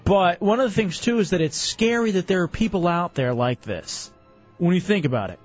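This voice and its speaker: High-voiced man telling stories on a podcast. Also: normal speed, lo-fi sound, soft background music. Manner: animated storytelling, reads news bits with commentary. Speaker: podcast co-host. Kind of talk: casual chat.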